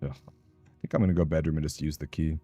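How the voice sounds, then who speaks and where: A man's voice: rumbling low, steady tone, quick pace, dark tone, husky, dry recording, faint music behind. A man with a Southern Californian accent, chatting in a rambling, casual way with his live-stream audience while he plays a game. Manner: chatty, rambling, answers chat aloud.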